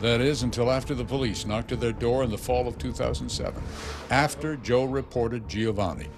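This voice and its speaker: A man's voice: mid-range voice, fairly quick. A man narrating a news story in a dramatic, scripted style. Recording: music bed underneath.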